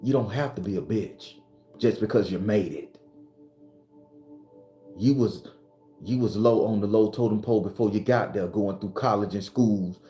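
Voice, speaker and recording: A man's voice: fairly low pitch, moderate pace, pauses often. A man who hosts his own spiritual channel, giving a blunt, profane, impassioned motivational monologue. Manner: blunt, profane, preachy, rising to shouts when retelling arguments. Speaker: spiritual advisor and channel host. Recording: roomy recording with faint background music.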